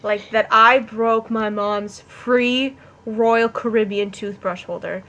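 A woman's voice: a little high, steady tone, takes it slowly, fairly bright tone, dull audio. A woman in her twenties, co-hosting a podcast, chatty and dramatic as she recounts a childhood mishap. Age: 20s. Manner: chatty, self-described dramatic. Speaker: podcast co-host. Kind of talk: casual chat.

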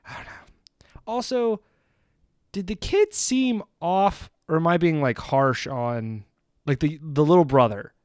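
A man's voice: fairly high pitch, unhurried, dry recording, clean studio sound. A man co-hosting a podcast, chatting casually and sarcastically about a film he disliked. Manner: animated, sarcastic, laughs often. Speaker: podcast co-host. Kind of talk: casual movie review chat.

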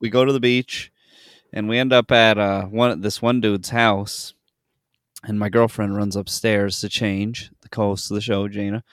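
A man's voice: fairly low pitch, normal speed, smooth, no echo, clean studio sound. A young man hosting a podcast, telling a story in casual chat, swearing freely and acting out the people in it. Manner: animated storytelling, swears freely, acts out quotes. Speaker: podcast host.

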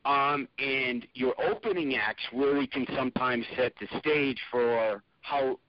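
A man's voice: medium pitch, a little slow, dry recording, muffled recording. A man, a stand-up comedian, talking casually on a podcast, rambling with many restarts.

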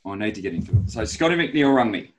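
A man's voice: lowish voice, lively intonation, fast talker, a little hiss or hum. An Australian man co-hosting a casual podcast, teasing and laughing as he tells stories. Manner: laughs a lot, teasing storyteller. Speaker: podcast co-host. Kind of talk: casual chat.

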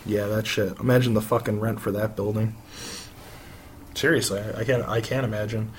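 A man's voice: on the low side, little pitch movement, normal speed, a little hiss or hum. An American man co-hosting a casual gossip podcast with his wife, rambling, swearing freely and laughing often. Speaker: podcast co-host. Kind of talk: casual chat.

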